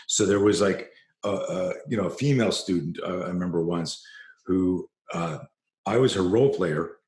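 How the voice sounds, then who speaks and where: Deep-voiced self-defense trainer telling a story. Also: male voice, moderate pace, echoey room. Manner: animated storyteller, rising in pitch and force when excited. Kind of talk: storytelling in an interview.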